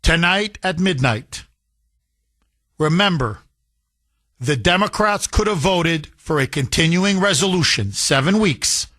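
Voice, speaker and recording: A man's voice: on the high side, lively intonation, a little slow, fairly bright tone. A man hosting a talk radio show, delivering a combative, emphatic monologue and hammering points home with repetition. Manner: combative, emphatic, repeats phrases for punch.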